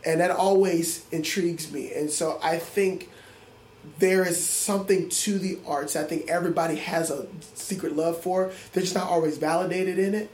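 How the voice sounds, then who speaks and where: In this interview conversation, a middle school music teacher, an adult man, talks in an earnest, reflective way and frequently starts his sentences over. His high-pitched voice holds a steady tone, a moderate pace, and a slightly mellow quality. There is a little hiss or hum, and the room is echoey with faint ambience.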